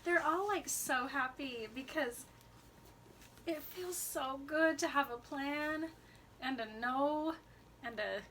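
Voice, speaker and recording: High, bright, giggly woman podcast host. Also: slow pace, a little hiss or hum. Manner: giggly, sarcastic, emphatic. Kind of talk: casual chat recapping a book.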